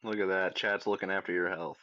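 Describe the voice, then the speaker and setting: Man, voice chat friend, wry dry humor, low voice, very swoopy pitch, dull lo-fi sound. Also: flat delivery, fairly quick, pushed and bright, no echo. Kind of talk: casual game chat.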